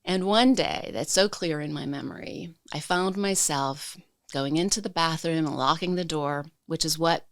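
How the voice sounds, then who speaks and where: A woman podcast guest telling a personal story in a slow, reflective way, reliving the emotions. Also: low voice, no echo, clean studio sound.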